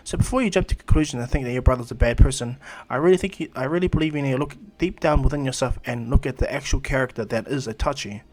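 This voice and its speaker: A man voicing a calm, aloof young male ninja turned god, speaking in a lofty, lecturing way. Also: mid-range voice, fairly quick, close to an everyday voice. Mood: stern.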